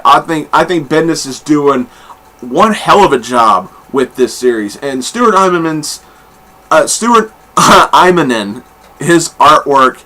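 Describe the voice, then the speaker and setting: Male comic reviewer, slightly high and bright, candid and profane, lots of fillers. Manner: blunt and candid, swears freely; rambling with many fillers and restarts. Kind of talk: casual review monologue.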